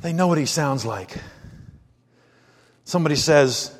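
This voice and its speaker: Guy preaching a sermon, kinda high voice, lots of rhetorical questions, long echo in the hall. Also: sing-song, moderate pace, long pauses, slightly rough. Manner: conversational preaching, rhetorical questions, dips low and quiet then rises. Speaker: pastor.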